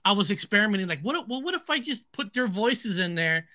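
Give me a man with a bright, sharp voice, excitedly tripping over his words. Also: high voice, fast. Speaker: podcast co-host. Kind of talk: casual chat.

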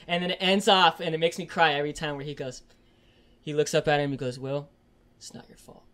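A man's voice: a little high, steady tone, quick pace, pushed and bright, smooth. A man co-hosting a podcast, retelling film scenes in a rambling, profane way with lots of fillers. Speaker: podcast co-host. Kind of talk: casual chat.

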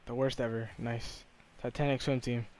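A young man, the host, chatting casually while gaming, swearing, laughing and yelling sudden high-pitched shouts. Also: flat delivery, normal speed.

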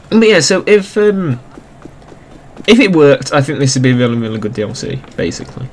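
A man's voice: fairly high pitch, sing-song, brisk, slight background noise. A young man giving casual, sarcastic commentary while playing a video game, ranting about its flaws. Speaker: gaming YouTuber.

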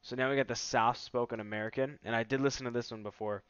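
A man hosts a relaxed, upbeat product demo with a salesy edge. His voice is smooth and resonant. The recording is dry and slightly muffled. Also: medium pitch, quick pace, no echo. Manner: casual, enthusiastic salesy delivery. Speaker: tech vlogger host. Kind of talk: casual product demo commentary.

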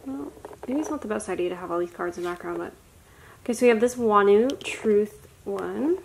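A young woman chatting casually while unboxing a haul, gushing and excitable, often gasping and laughing. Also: mid-range voice, a little fast, creaky, slight background noise. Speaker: vlogger.

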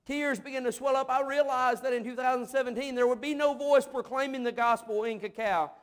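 Man preacher with a high voice, emotive storyteller, preaching from a church pulpit. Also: fairly even intonation, fairly quick. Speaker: missionary pastor. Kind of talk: sermon. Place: church sanctuary.

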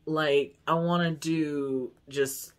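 A man's voice: on the high side, fairly even intonation, slow. A man talking casually to his camera in a vlog, candid and self-mocking, swearing freely and rambling with lots of likes and small laughs. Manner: laughs easily at himself. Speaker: vlogger.

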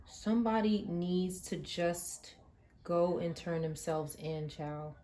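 Against a noisy background, a woman with a lowish voice speaks slowly while giving a live tarot reading. She's emphatic and impassioned, swears often, and swings between quiet moments and loud outbursts.

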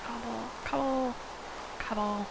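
Slow and gravelly, her slightly high voice keeps a fairly even intonation on a very noisy recording. She's an Iowa gaming video host in her forties with a Midwestern American accent, rambling casually as she plays and slipping into half-whispered asides.

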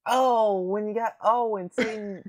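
A man's voice: high-pitched, steady tone, unhurried. A young man co-hosting a casual podcast, blunt and dryly teasing. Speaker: podcast co-host.

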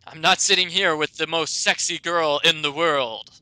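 Man voicing a lecherous werewolf guy, flirty, fawning, sharp clean tone, dry sound. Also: fairly high pitch, fairly even intonation, normal speed, clear, resonant tone, no room sound. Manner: smarmy, fawning come-ons.

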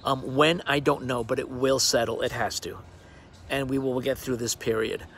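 A man's voice: mid-range voice, steady tone, normal speed, fairly bright tone, a little hiss or hum. A man recording a casual, rambling video greeting outdoors on his deck, hesitating with ums and uhs. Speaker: actor recording a personal video message.

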